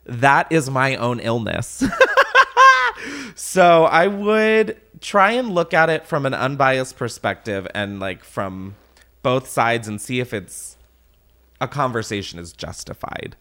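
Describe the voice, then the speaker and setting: A man's voice: medium pitch, lively intonation, unhurried, a bit bright. A man hosting a casual podcast, ranting animatedly with swearing and laughter. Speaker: podcast host.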